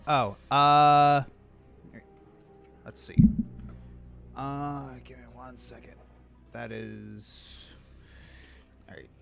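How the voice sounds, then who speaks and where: Male game master, slow easygoing delivery, middle pitch, casual voice chat. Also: gravelly, faint music behind. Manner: relaxed, unhurried, many fillers. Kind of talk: running a tabletop game over voice chat.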